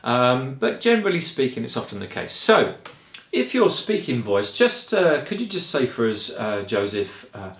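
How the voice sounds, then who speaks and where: A man from England with a Kent accent, a choir director explaining singing in a relaxed, rambling way with frequent ums. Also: medium pitch, moderate pace, reverberant. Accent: Kent English. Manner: chatty and rambling, with frequent ums and light laughs. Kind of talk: relaxed spoken lesson.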